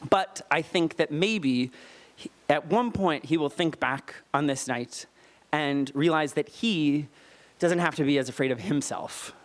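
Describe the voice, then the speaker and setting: A man telling a personal story live on stage at a storytelling night, candid and earnest, with lively emphatic retellings of dialogue, into a stage microphone. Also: on the high side, a little slow.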